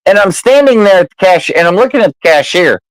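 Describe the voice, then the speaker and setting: A man's voice: high voice, fast talker, no room sound, rough recording. A man telling a story in casual chat, swearing freely and acting out the people in it. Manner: profane, animated storyteller.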